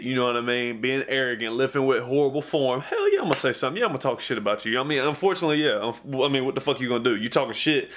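A man, a fitness vlogger, telling a story straight to camera in a heated, profane rant that keeps circling back with "bruh.". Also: a little hiss or hum. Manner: acts out others' lines in a higher, lively voice.

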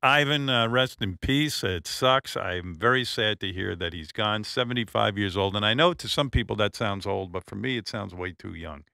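A male radio host tells a story in a blunt, profane way with plenty of asides. His voice is bright and forceful. The studio sound is dry and close. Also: fairly low pitch, normal speed, vocal fry, hardly any pauses, no echo. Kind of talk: casual storytelling tribute.

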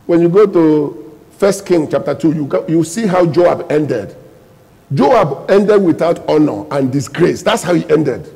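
A man preaching a sermon as pastor, calling out questions to the congregation and bursting into loud emphatic lines. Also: on the high side, lively intonation, a little slow, gravelly, in a large hall, low-quality recording.

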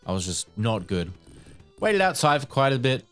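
A man's voice: mid-range voice, big pitch swings, normal speed, fairly bright tone, soft background music. A man co-hosting a podcast, telling a long casual story full of "like" fillers. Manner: rambling, many "like" fillers. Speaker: podcast co-host.

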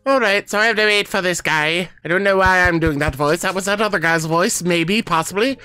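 Bright, cheeky guy for casual gameplay commentary, swears, jokes. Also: high voice, brisk, hardly any pauses, clear, resonant tone, no echo, soft background music. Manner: playful, swears, laughs at the game. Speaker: gaming video host. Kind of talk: casual let's-play commentary.

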